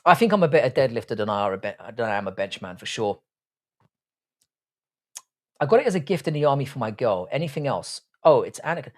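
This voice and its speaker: A man's voice: medium pitch, sing-song, fast, long pauses, darkish tone. A man hosting a casual livestream, reading out chat comments and bantering crudely, with frequent swearing.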